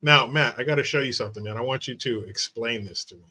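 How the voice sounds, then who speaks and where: A man's voice: mid-range voice, quick pace, sharp tone, slight background noise. A man hosting a casual interview, asking enthusiastic, affirming questions. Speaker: host.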